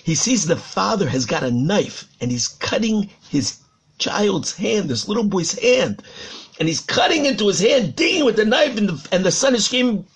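A man's voice: high voice, very animated, moderate pace, fairly bright tone, husky. A man, a rabbi, giving a Torah sermon, telling a parable dramatically and repeating words for emphasis.

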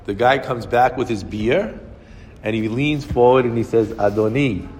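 A man giving a storytelling sermon, animated and acting out the characters as he goes. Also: mid-range voice, normal speed, in a large hall, slight background noise. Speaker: speaker giving a Torah talk.

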